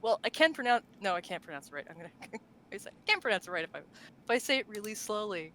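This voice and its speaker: On a rough recording with a bit of hiss or hum, a bright, mid-range woman talks fast and very animatedly. She co-hosts a loose podcast chat on tabletop game lore, laughing a lot and full of fillers and restarts.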